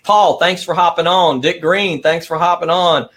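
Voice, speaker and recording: A man's voice: on the high side, fairly even intonation, normal speed, fairly bright tone. A middle-aged man hosting a motivational live stream, talking with energy, stressing points and often adding "right?".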